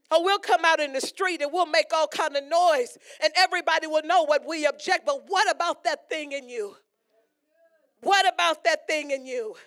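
A woman delivering a sermon in a very high, bright, forceful voice. She presses on her listeners with repeated questions and swells into shouted lines to drive each point home. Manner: emphatic preaching, rising to shouts, repeated rhetorical questions. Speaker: preacher.

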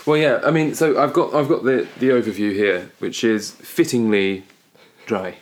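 A British man co-hosting a podcast, chatting casually and rambling, quick to laugh. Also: mid-range voice. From Britain. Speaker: podcast co-host. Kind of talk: casual chat.

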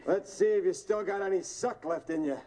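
A man's voice: high voice, a little fast, noisy background, close to an everyday voice. An actor playing a fussy, bickering old man who teases and chuckles as he talks. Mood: coaxing. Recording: sitcom audio with loud studio audience laughter.

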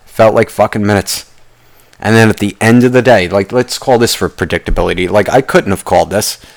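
Speaking briskly in a low, creaky voice, a young man hosting a podcast rambles through a long story full of restarts and asides. He's casual and curses nonstop.

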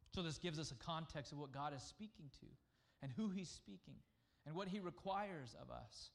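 A man preaching a conversational sermon, at times dropping to a hushed voice to speak as God. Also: on the high side, expressive, moderate pace, vocal fry. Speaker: pastor.

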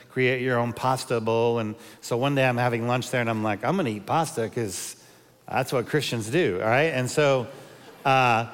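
In a large hall, a man in his fifties delivers a sermon in a clean, mid-range voice. As a pastor, he leans on funny personal anecdotes to tell his stories.

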